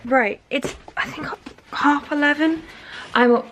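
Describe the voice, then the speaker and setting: A woman with a fairly high voice chats through a casual vlog. She rambles from one thought to the next and pokes fun at herself while nursing a migraine. Faint noise sits behind her voice. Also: unhurried, fairly bright tone, poor audio. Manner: chatty, rambling, self-deprecating. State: suffering a migraine. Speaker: vlogger.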